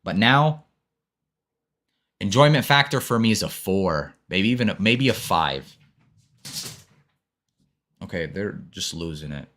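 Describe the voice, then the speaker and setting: A laid-back man chatting through a live-stream review, calling his viewers bro and brother. His voice sits a little low and easygoing. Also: expressive, a little slow, pauses often, a bit bright.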